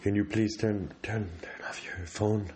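A man's voice: lowish voice, steady tone, unhurried, a crowd in the background, close to an everyday voice. Man playing a jittery paranoid guest. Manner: fretful, repeats words, frantic pleas.

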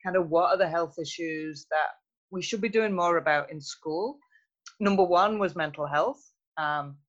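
A guest in a podcast interview, speaking in a thoughtful, measured way with frequent fillers. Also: mid-range voice, a bit bright, muffled recording. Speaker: interview guest, youth health researcher. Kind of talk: conversational interview.

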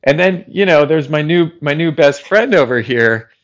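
A man chatting as a comedy guest, rambling and giggly, with lots of halting restarts. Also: a little high, lively intonation, dull audio. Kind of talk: casual improv chat.

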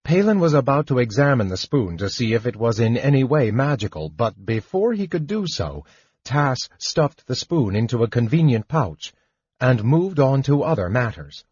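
A man narrating an audiobook in a slow, expressive reading. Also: mid-range voice, husky, no room sound, lo-fi sound. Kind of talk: scripted narration.

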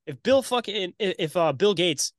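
A man's voice: high-pitched, expressive, normal speed, no room sound, studio quality. A man talking as a podcast guest in casual conversation, blunt and profane with a conspiratorial edge.

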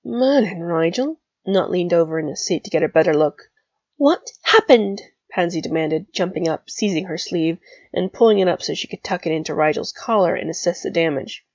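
A woman reads a story aloud in a steady, even storytelling voice of middle pitch. The recording is dry with no room sound and slightly dull in tone. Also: fairly quick, no room sound. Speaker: audiobook reader. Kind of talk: fan fiction audiobook narration.

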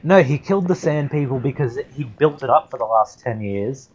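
A man cohosting a podcast, cracking dark one-liners and chuckling at them. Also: medium pitch, lively intonation, normal speed, a little hiss or hum. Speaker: podcast co-host. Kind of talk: crude comedy banter. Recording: dull lo-fi podcast audio.

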